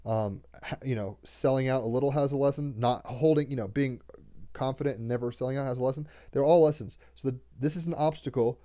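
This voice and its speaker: Rambling man with a mellow voice. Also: mid-range voice, fairly quick. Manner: rambling, repeats words, swears casually. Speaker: tarot card reader. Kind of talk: casual spiritual card-reading talk.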